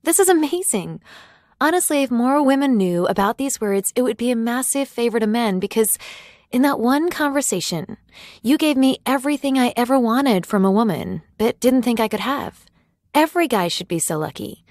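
A woman's voice: a little high, lively intonation, moderate pace, darkish tone, dry recording, studio quality. A woman voicing a grown man who speaks in a choked, tearful way in a scripted ad story, without changing her own voice much. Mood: earnest. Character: emotional grown man, boyfriend, overwhelmed.

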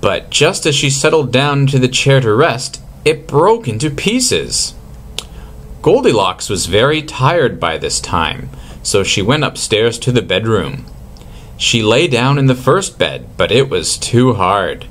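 A man reading a classic fairy tale aloud to children in a gentle, expressive way. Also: medium pitch, unhurried. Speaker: storyteller for children.

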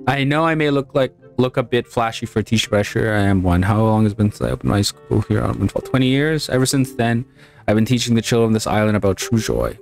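A man's voice: fairly low pitch, vocal fry, a little mellow. A man reading aloud the lines of a flashy, fretful middle-aged woman schoolteacher from a video game, in a polite and fussy way.

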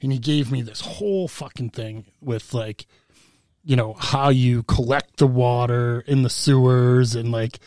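A man's voice: medium pitch, measured pace, a little mellow, no echo. A man telling a laughing, swearing anecdote as a guest on a casual podcast. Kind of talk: casual storytelling.

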